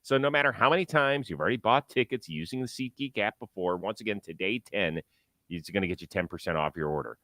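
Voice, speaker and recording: A man's voice: on the low side, lively intonation, fast, sharp tone, no room sound. A man hosting a sports talk show, chatting about baseball in an enthusiastic, joking way and reading ads. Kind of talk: casual sports talk and ad read.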